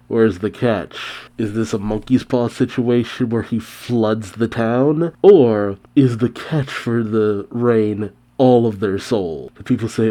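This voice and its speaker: A man reads through a manga chapter and reacts as he goes, unhurried and dry. His voice is mellow and darkish, his humor wry and low-key.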